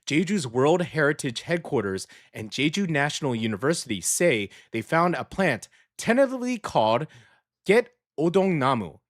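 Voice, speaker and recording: A man's voice: on the high side, big pitch swings, moderate pace, hardly any pauses. Man, radio host, casual rambling news chat, fillers and restarts, studio mic.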